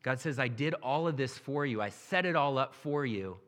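A man's voice: medium pitch, lively intonation, moderate pace, a bit bright. A man preaching a sermon, reading scripture aloud and then explaining it in a plain, conversational way. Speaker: pastor.

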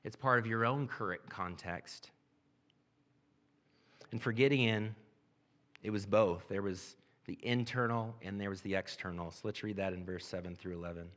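A man's voice: fairly low pitch, normal speed, fairly bright tone. A man preaching a sermon, reading scripture aloud and then explaining it in a plain, conversational way. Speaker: pastor.

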